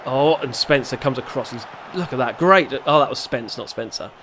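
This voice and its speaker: A man's voice: medium pitch, normal speed, a bit bright, a little hiss or hum. A man giving casual, rambling let's-play commentary, reacting aloud and poking fun at himself. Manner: chatty and rambling, self-mocking, reacts aloud to the match. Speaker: gaming YouTuber.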